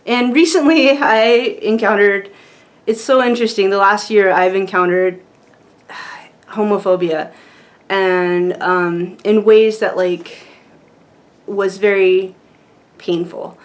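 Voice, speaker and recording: A woman's voice: medium pitch, fairly even intonation, takes it slowly, long pauses. A woman vlogger chatting casually to camera, rambling with lots of fillers and frequent laughs.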